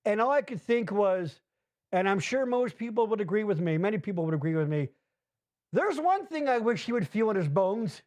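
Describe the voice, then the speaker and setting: A male podcast host with a very high speaking voice reacts to clips in casual chat. He curses freely and sounds incredulous as he retells what he saw. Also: fairly quick. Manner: profane, incredulous, animated retelling.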